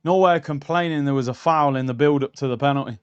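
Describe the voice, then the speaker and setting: A young man hosting a live football watchalong, reacting bluntly and excitedly to the match. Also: mid-range voice, quick pace, smooth, lo-fi sound.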